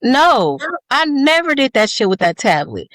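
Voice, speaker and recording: A woman's voice: on the high side, very animated, fairly bright tone, no echo. Woman co-host, casual chat, blunt and profane, dry close sound. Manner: blunt, profane, talks fast in long stories. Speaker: podcast co-host.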